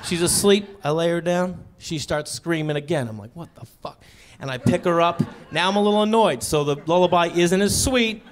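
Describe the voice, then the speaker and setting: High-voiced deadpan stand-up comic. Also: male voice, fairly quick, hardly any pauses. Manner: deadpan, conversational storytelling with acted-out asides. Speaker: stand-up comedian. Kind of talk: stand-up comedy set. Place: comedy stage before a live audience.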